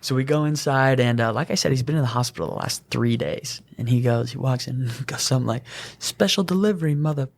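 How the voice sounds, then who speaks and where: A young man co-hosting a podcast, telling an animated work story and laughing as he goes. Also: mid-range voice, quick pace, gravelly, few pauses. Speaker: EMT podcast co-host. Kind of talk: casual storytelling chat.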